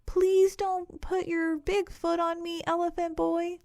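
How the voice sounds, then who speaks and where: A woman voicing a wise, polite female snake in a storybook with a high, hissing delivery. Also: level tone, slow pace, a little mellow, no echo, studio quality, heavily acted. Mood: pleading, polite.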